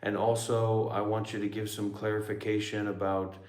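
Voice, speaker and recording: A man's voice: lowish voice, flat delivery, normal speed, a little mellow, echoey room. A man who is a former monk and meditation teacher talking bluntly and sardonically on a livestream. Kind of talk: livestream Q&A talk.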